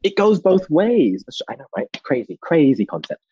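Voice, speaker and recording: A young man in his twenties speaking passionately as an interview guest, often restarting his sentences and rising in pitch when animated. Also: moderate pace, highs cut off, slight background noise. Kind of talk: candid conversational interview.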